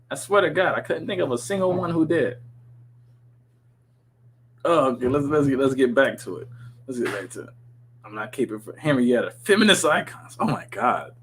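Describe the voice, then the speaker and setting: A man's voice: on the high side, low-quality recording. A man reading a TV script aloud on his podcast, breaking off into profane, sarcastic commentary.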